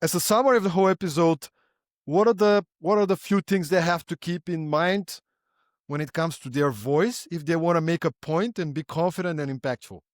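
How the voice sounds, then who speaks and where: A man's voice: a little high, brisk, dry recording, clean studio sound. A man hosting a podcast interview, friendly, building long questions with restarts. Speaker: podcast host.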